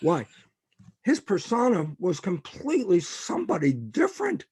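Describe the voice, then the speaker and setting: A man's voice: high-pitched, huge pitch swings, moderate pace, a little mellow, breathy edge, dry recording. An older man, a guest biologist on a podcast interview, telling stories with animation and acting out quoted dialogue. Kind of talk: interview conversation.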